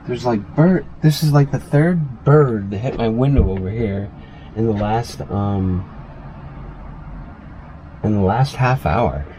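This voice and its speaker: A man's voice: fairly low pitch, takes it slowly, long pauses, dark tone, a little hiss or hum, rough recording. A man chatting loosely through a casual cooking vlog inside his small RV, full of fillers and asides.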